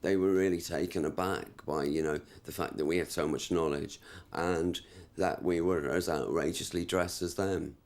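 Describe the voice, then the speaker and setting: A man's voice: sits low, steady tone, normal speed, darkish tone. A man reminiscing in an interview in an easygoing way, with filler words. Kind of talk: casual reminiscing.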